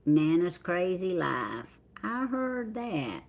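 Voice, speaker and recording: A gravelly, fairly low voice with a sing-song quality comes at a slow pace from this middle-aged woman with a Southern American accent. On her livestream she chats casually, greeting viewers by drawling their names.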